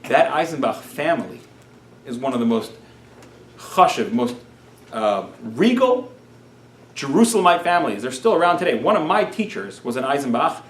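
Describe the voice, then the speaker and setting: A man's voice: mid-range voice, big pitch swings, moderate pace, echoey room, distant mic. A man, a rabbi, telling a story in a Torah class and acting out the characters' lines.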